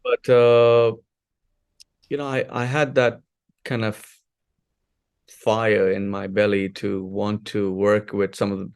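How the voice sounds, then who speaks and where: A man in his forties from India speaks as a podcast guest, his voice low and full of vocal fry. He tells his story in a lively, rambling way, stopping to restart and adding fillers as he goes. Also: slow pace, long pauses. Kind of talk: casual interview storytelling.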